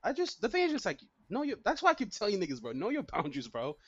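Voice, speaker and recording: A young man co-hosting a podcast, talking in a casual, profane, animated way and laughing often. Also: extremely high pitch, fast talker, highs cut off. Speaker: podcast co-host. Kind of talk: casual chat.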